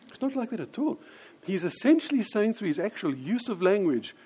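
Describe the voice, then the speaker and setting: Male preacher, sermon, husky, slightly high voice, animated delivery. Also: a little fast. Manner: animated, acts out quoted voices.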